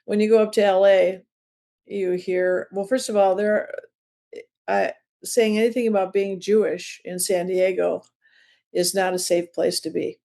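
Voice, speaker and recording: A Chicago-area comedian in her seventies chats as an interview guest, telling rambling, self-deprecating stories. Her medium-pitched voice is steady, unhurried and mellow, with some vocal fry.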